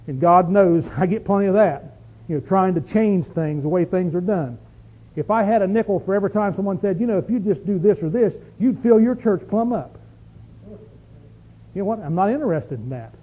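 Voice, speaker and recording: Man, pastor, folksy sermon, high voice, muffled lo-fi sound. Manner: folksy preaching, reads scripture aloud with emphasis. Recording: dull lo-fi recording.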